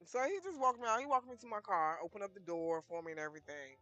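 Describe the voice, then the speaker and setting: A woman's voice: medium pitch, sing-song, quick pace, sharp tone, lo-fi sound, faint music behind. A woman casually telling her life story, frank and blunt, acting out both sides of conversations and laughing often.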